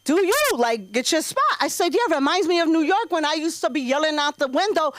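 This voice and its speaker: A woman doing an open mic stand-up set in a small comedy club, telling brash, profane stories in an animated way. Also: high voice, brisk, hardly any pauses, no echo. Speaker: stand-up comic.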